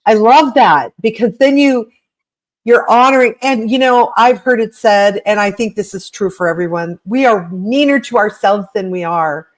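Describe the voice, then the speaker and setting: A woman's voice: mid-range voice, moderate pace. Woman, podcast co-host, casual talk, agreeable, mid-range voice. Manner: conversational and affirming. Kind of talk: podcast conversation.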